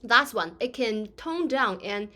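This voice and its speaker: A woman's voice: a little high, lively intonation, a little slow, bright, forceful tone. Woman explaining grammar, patient, lots of uhs, acts out the examples. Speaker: Chinese language teacher. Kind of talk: language lesson explanation.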